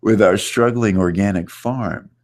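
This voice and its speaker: A man's voice: on the low side, measured pace, darkish tone, voice pushed up, close to an everyday voice. A man putting on an impression of a polished male marketer, reading website copy in a slightly raised, earnest voice.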